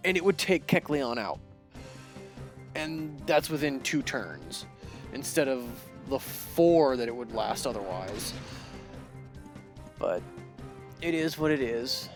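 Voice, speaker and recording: Slow, exasperated gaming commentator. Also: mid-range voice. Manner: exasperated, laughing in frustration. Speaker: let's play host. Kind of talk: video game commentary.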